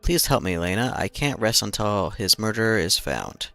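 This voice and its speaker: A man's voice: on the low side, expressive, normal speed, gravelly, pushed and bright, heavily acted. A man voicing a grieving ghost who pleads for help in a raised voice. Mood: pleading.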